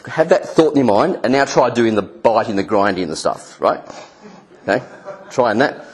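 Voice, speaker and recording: A man preaching a sermon who walks his listeners through a hands-on exercise and jumps into angry voices to act out the people he describes. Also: slightly rough. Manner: acts out angry voices with sudden pitch jumps.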